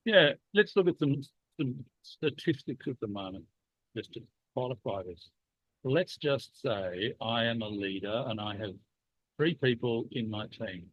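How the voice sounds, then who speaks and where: This leadership program host has a cold, yet his medium-pitched voice stays expressive and unhurried as he chats and teases playfully through a casual podcast discussion. There's no echo; the line is dry and tinny, phone-like.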